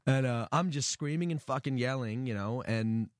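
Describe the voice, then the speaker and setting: A man telling a story in a podcast chat, swearing freely and getting worked up. His voice sits at a middling pitch. The sound is dry and close, with no room echo. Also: moderate pace. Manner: animated, profane storytelling. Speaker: podcast guest. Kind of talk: casual storytelling.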